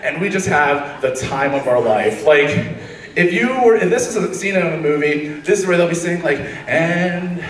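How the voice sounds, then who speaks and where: A man's voice: fairly high pitch, moderate pace, echoey room, recorded from a distance, rough recording. A man in his twenties telling a rambling stand-up story on a comedy stage, laughing at his own jokes.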